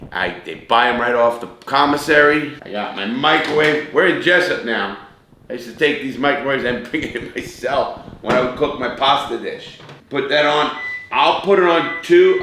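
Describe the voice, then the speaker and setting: Man, middle-aged, cooking show host, chatty, talks to viewers, forceful bright voice, echoey room. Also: medium pitch, slight background noise. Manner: chatty, talks straight to viewers as "people" and "guys". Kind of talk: casual cooking demonstration.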